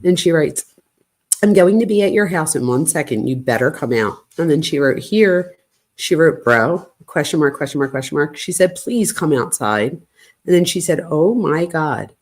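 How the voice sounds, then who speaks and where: A true crime channel host with a deep voice reads a series of text messages flatly and casually, speaking at normal speed. She's at home at night and keeps stopping to settle her dog when it barks.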